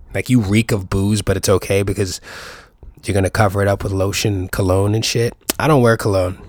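A man's voice: low-pitched, no echo. A young man hosting his own podcast, rambling through profane, jokey riffs full of rhetorical questions. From New York. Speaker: podcast host. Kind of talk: casual solo podcast monologue.

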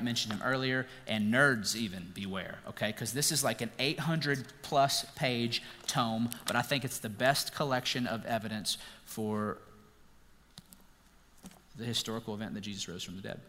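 Male pastor, casual sermon delivery, crisp bright tone, echoing church hall. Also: medium pitch, a little hiss or hum. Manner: conversational, playful, animated storytelling.

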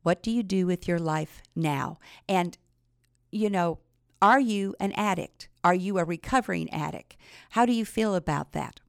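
A woman hosting an interview, asking questions in an affirming, unhurried way. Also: fairly low pitch, vocal fry, no echo, studio quality. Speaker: host.

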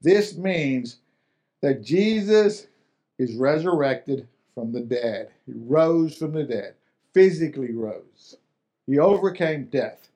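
A man's voice: on the high side, animated, slow. A pastor preaching a sermon in a conversational way, asking the listeners questions and often repeating and restarting his words. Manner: voice swings from quiet to loud with emphasis.

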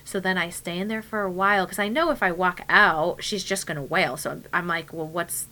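A woman's voice: lowish voice, fairly quick, pushed and bright. A young woman chatting casually as a podcast co-host, telling a story animatedly and acting out her own whispered and spoken quotes. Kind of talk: casual chat.

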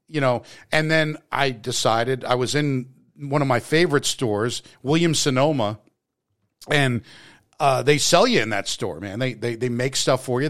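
A man's voice: mid-range voice, fairly bright tone. A man from New Jersey chatting casually as a co-host, rambling with many restarts and fillers. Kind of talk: casual chat.

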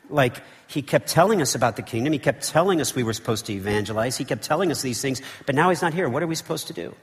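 A man preaches to his congregation, acting out the story with rising energy and rhetorical questions. His voice sits at a middling pitch. A long reverb from the church sanctuary trails behind every phrase. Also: fast talker. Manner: animated storytelling, rhetorical questions, frequent "okay?". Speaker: pastor. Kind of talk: sermon.

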